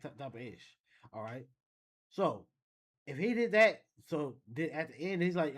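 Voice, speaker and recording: A man's voice: on the high side, animated, a little slow. A man hosting a reaction video, musing casually and thinking aloud with frequent restarts. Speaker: reaction channel host.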